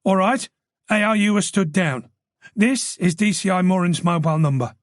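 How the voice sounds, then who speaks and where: A man voicing a tense, brisk woman police detective who speaks in urgent, clipped lines. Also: high voice, dry recording, studio quality, pitched above the performer's own voice, close to an everyday voice.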